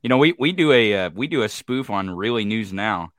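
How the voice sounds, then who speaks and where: A man's voice: on the low side, lively intonation, brisk, dry recording, clean studio sound. A man hosting a podcast, laid-back and jokey in casual political chat. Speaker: podcast host.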